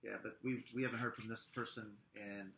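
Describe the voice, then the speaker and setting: A man's voice: lowish voice, brisk, creaky, very noisy. Joking man chiming in, echoey room. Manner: relaxed, joking, chimes in with stories. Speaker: pastor and co-host of a ministry show. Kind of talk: casual chat during a sermon.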